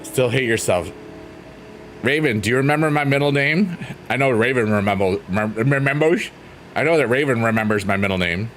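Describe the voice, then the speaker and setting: A man's voice: medium pitch, animated, a little fast. A man casually chatting on a livestream, reading out chat messages in a rambling, playful, teasing way. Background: faint piano music.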